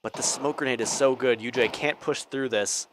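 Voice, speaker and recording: Young male caster, solo play-by-play, energetic, average pitch, loud game gunfire behind. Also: normal speed, noisy background. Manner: energetic, voice climbing on big plays. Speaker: esports caster. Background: game sound effects and gunfire.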